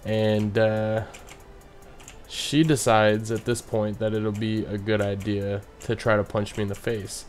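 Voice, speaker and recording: A young man with a fairly low voice tells a story in a loose, rambling vlog style and keeps dropping in "you know what I mean" asides. Faint music plays softly behind him. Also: little pitch movement, unhurried. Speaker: bartender telling a story.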